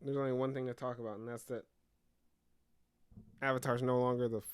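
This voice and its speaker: A man's voice: mid-range voice, flat delivery, a little fast, clean tone. A young man co-hosting a podcast in casual chat, rambling and jokey, often correcting himself mid-sentence. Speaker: podcast co-host.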